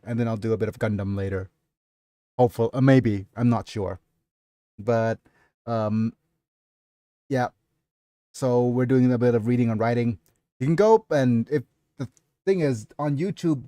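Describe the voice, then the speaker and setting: A man hosting a livestream, talking in an unhurried and rambling way as he answers his chat. His voice sits in the middle of the male range and sounds close and dry, with almost no room around it. He wanders from point to point with plenty of stops and restarts. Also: mid-range voice, dark tone, dry recording. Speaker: livestream host. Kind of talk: casual livestream chat and reading aloud.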